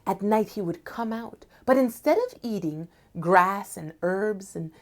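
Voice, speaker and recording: A woman telling a folktale aloud in an expressive, dramatic way, at times dropping to a hushed tone. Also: medium pitch, unhurried. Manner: expressive, dramatic, drops to soft hushed tones. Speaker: storyteller. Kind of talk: oral folktale storytelling.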